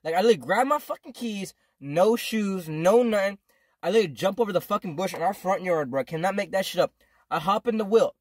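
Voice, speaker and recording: Young man, fast rambling storyteller, slangy and profane, dry close sound, casual vlog. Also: high-pitched, animated, dry recording. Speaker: vlogger.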